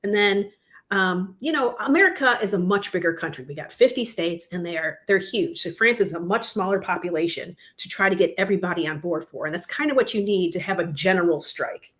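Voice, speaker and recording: A woman co-hosting a podcast talk show discusses the news in a casual, conversational, earnest way, laughing easily. Her voice is fairly low and a bit bright, and she speaks a little fast.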